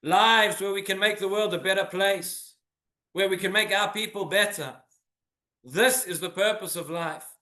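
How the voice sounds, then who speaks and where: A man's voice: high voice, moderate pace, pushed and bright, echoey room. A man, a rabbi, giving an earnest sermon full of rhetorical questions in a synagogue.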